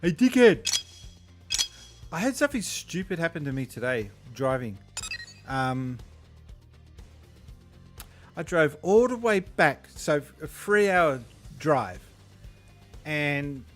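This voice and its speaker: A man's voice: a little high, a bit bright. A man, streaming a game and telling rambling, profane anecdotes with frequent chuckles. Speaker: gaming streamer. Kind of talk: casual gameplay chat.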